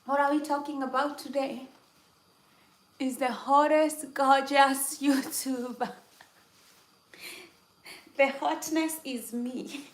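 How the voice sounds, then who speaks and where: A woman's voice: sits high, fairly even intonation, slow pace, pauses often, reverberant, low-quality recording. A woman vlogger in a casual, playful chat, repeating her phrases as she talks at home in the kitchen.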